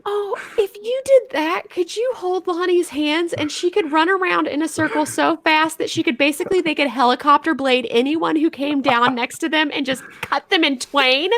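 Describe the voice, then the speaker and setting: A woman playing a tabletop game, giggly and animated in casual chat. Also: high voice, moderate pace, few pauses.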